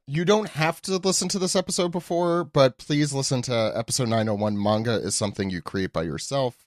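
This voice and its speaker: A man hosting a podcast in a casual, joking way, teasing his guests with quick asides. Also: mid-range voice, no echo, studio quality. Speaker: podcast host. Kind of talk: casual chat.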